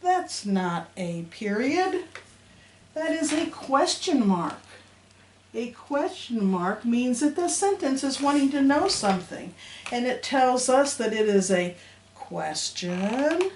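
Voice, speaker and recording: A woman's voice: on the high side, big pitch swings, slow pace, darkish tone. A woman teaching a phonics lesson to young children, sounding out letters in a patient, sing-song teacher voice. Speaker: elementary school teacher. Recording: roomy echo, faint background hum.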